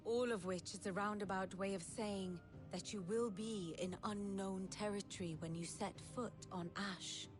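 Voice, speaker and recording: Game scholar, a woman voicing her: dry, explanatory, clear music behind. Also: mid-range voice, lightly acted. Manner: measured, wry, explanatory. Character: sly learned woman advisor.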